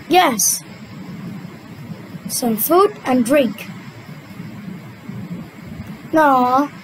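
Very high-voiced woman reading slowly. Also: a little hiss or hum, poor audio. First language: Vietnamese. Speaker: storyteller voicing a cartoon retelling. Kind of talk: slow children's story reading.

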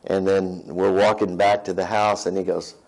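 A man's voice: low-pitched, level tone, moderate pace, a little mellow, poor audio. A man preaching a sermon, reading scripture aloud and checking in with his listeners in a conversational way. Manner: conversational, reads scripture aloud and asks "right?". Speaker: pastor.

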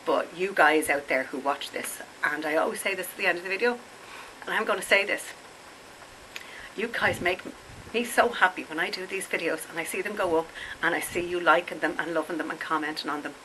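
A woman's voice: fairly low pitch, fairly quick, sharp tone, slight background noise, low-quality recording. A woman in her fifties talking bluntly and emotionally in a candid confessional vlog, with swearing. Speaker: vlogger. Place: home in Spain.

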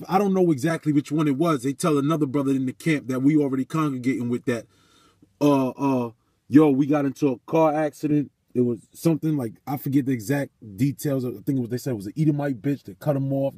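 A man's voice: medium pitch, fast talker, mellow, breathy edge, dry recording. A man telling a story in a casual vlog and turning it into a sermon, cursing often and repeating phrases for emphasis. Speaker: vlogger.

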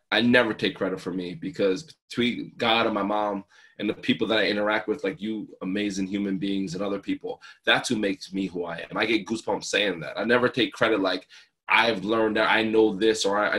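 As a guest speaker, a thirty-something man from New Jersey tells emotional stories about family in an earnest, heartfelt way. His voice is fairly low in pitch with a fairly bright tone.

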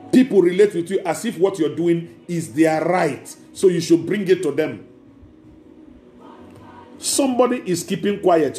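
A pastor preaches a sermon emphatically, repeating key words and acting out quotes, in an echoey room with faint music. His voice is on the high side and mellow.

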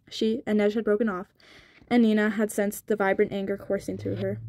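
Woman reading a novel aloud in an even voice. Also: medium pitch, fairly quick. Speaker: audiobook reader. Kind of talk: storybook reading.

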